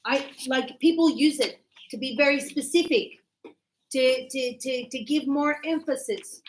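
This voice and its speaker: In a classroom in Sydney, a woman whose voice sits high teaches English grammar at an unhurried pace. She's chatty, repeats words, and drifts into anecdotes from her own life. The recording is rough, with a little hiss or hum.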